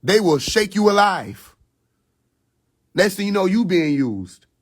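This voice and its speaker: A man with a fairly high voice talks straight to his livestream audience. He speaks bluntly and profanely, with a swaggering, preachy edge, and breaks into laughs as he goes. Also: sing-song, slow. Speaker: livestream host. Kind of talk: casual livestream monologue. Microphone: phone livestream.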